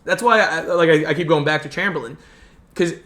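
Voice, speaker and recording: A young man in casual chat, telling a long story in an animated way and acting out what others said. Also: on the high side. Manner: animated, fast storyteller who acts out quotes. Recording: roomy echo.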